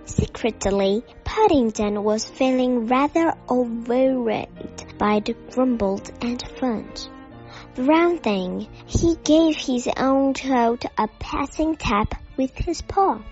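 A woman reading a children's story aloud as narrator, measured and careful. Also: fairly high pitch, expressive, darkish tone. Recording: dull lo-fi audio with faint music.

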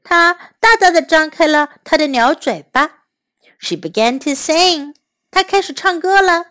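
Slow, high-voiced woman storyteller. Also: lively intonation, sharp tone. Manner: slow, clear, patient reading aloud. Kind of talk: bilingual children's story reading.

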